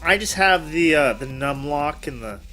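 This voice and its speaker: Animated rambling male host. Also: fairly high pitch, normal speed. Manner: rambling, animated, self-correcting. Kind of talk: casual interview chat. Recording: background music.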